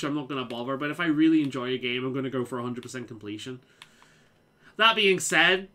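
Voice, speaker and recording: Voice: medium pitch, bright, forceful tone. A streamer from the Liverpool area giving casual, rambling commentary while playing a game and swearing freely. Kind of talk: casual let's-play commentary.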